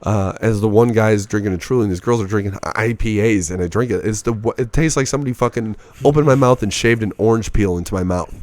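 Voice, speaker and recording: A man's voice: on the low side, quick pace, few pauses, no room sound. Young comic guy in his 20s, from the midwest, swears a lot, acts out everybody's lines, dry close sound. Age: early 20s. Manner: profane, animated storyteller who acts out what others said. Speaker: stand-up comedian guest. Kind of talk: casual podcast chat.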